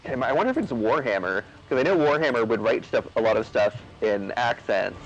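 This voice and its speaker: A man's voice: mid-range voice, expressive, a little fast, dull audio, faint music behind. A man chatting casually over gameplay, rambling with lots of fillers and restarts. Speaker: co-host of a gaming video.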